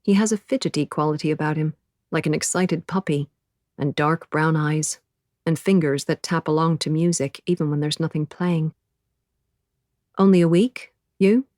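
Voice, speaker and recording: A woman narrating an audiobook in the first person, measured and quiet. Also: low voice, fairly even intonation, no echo, clean studio sound.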